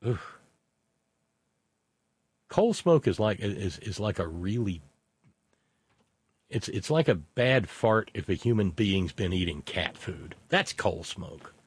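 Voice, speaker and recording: A man's voice: on the low side, expressive, takes it slowly, pauses often, slightly rough, no echo. A man hosting a live radio talk show from a studio, chatting casually in a blunt, jokey way.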